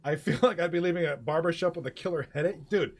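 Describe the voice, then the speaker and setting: A man's voice: on the high side, quick pace. A man hosting a live stream, chatting casually, laughing often, swearing freely and reading chat aloud. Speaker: host of an online hockey game league stream.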